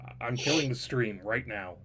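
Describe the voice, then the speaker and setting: A man's voice: mid-range voice, moderate pace, bright, forceful tone, slight background noise. A man running a tabletop game as game master, joking and rambling about his notes. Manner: joking, self-deprecating, rambling. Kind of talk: casual tabletop game chat.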